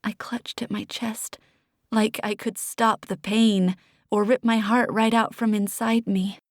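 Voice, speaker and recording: Female audiobook narrator, first-person fantasy, expressive and emotional, dry close-miked read. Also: a little high, unhurried, dry recording.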